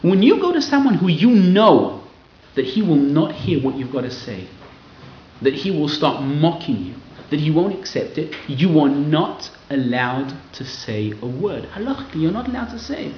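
A man giving a lively Torah class to a live audience, acting out quoted people in raised voices. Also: fairly high pitch, normal speed, slight background noise. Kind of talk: lively sermon-style Torah lecture. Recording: roomy, slightly dull hall recording.

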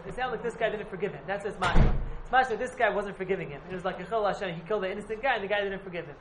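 A man's voice: high-pitched, racing, background noise. A man teaching a casual Talmud class to a few students, rambling and repeating himself as he explains. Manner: rambling, repeats and hedges often. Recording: echoey room.

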